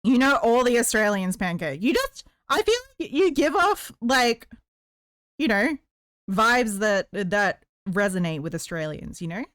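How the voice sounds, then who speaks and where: Woman streamer in casual live chat, playful and talkative; crisp, very animated delivery. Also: mid-range voice, unhurried, dry recording, clean studio sound. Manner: chatty and playful, reads chat aloud.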